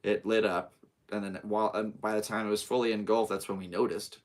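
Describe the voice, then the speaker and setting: A man's voice: lowish voice, little pitch movement, brisk. A young man hosting a live podcast from home, chatting in a rambling, easygoing, upbeat way into his laptop. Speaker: podcast host. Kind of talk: casual live podcast chat.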